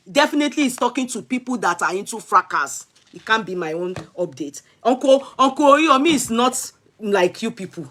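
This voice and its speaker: A woman's voice: on the high side, pushed and bright. A young Nigerian woman with a Yoruba-speaking accent, hosting a gossip livestream and scolding her viewers, switching between Yoruba and English. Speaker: gossip show host.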